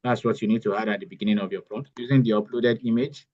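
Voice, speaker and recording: A man's voice: fairly low pitch, steady tone, quick pace, a little mellow. Man teaching step by step, muffled audio. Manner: step-by-step, repeats key phrases. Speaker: AI bootcamp instructor. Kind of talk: live online tutorial.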